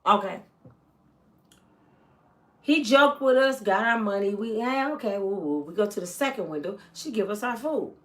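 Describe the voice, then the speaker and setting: A middle-aged woman vlogging a personal story to her viewers, animated, swinging from loud to hushed and acting out the people she quotes. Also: mid-range voice, moderate pace, pauses often.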